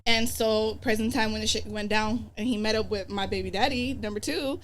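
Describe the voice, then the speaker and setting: Fast-talking, blunt woman podcast guest. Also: a little high, steady tone, fairly bright tone, a little hiss or hum. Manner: blunt, profane storytelling. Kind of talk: casual chat.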